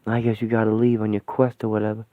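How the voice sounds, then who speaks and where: A man voicing a gruff, slangy ghost father in a radio play. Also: completely flat delivery, fast, no echo, natural voice. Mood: tender. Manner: rough slangy talk, lowered gruff voice. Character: ghostly street-tough father, gruff and tender. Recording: thin phone-like, dry sound.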